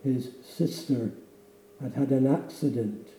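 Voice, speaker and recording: A man's voice: mid-range voice, slow pace, dark tone, roomy sound, a little hiss or hum, rough recording. A man preaching a sermon in a church, telling a story dramatically and then leading a solemn prayer. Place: church sanctuary.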